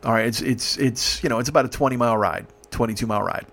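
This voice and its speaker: Dude rambling thru a funny rideshare story, swears a lot, mid-pitch voice, does all the dialogue himself. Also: male voice, fast, vocal fry, a bit bright. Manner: rambling, profane, acts out dialogue. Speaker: podcast host, rideshare driver. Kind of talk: casual comic storytelling.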